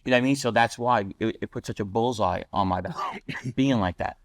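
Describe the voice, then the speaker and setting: A man's voice: fairly low pitch, dry recording, clean studio sound. A man, telling blunt street stories as a podcast guest. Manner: rapid, blunt street storytelling, voicing other people in quotes. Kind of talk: storytelling in a podcast interview.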